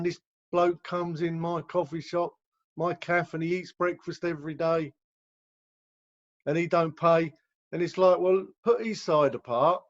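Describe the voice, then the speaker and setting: A man who runs a rehab center, explaining recovery in a casual talk over a video call and acting out the people in his examples. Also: a little high. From England. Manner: conversational, acts out quoted voices. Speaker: rehab director. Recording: dull lo-fi video call audio.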